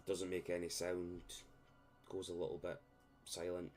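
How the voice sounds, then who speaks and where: Deep, mellow-voiced male game master. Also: completely flat delivery, a little slow, soft background music. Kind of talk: narrating a tabletop game.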